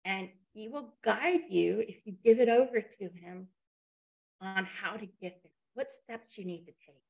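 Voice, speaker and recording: A woman's voice: mid-range voice, unhurried, creaky, darkish tone. A woman presenting a motivational webinar, talking conversationally and checking in with her listeners as she tells a story.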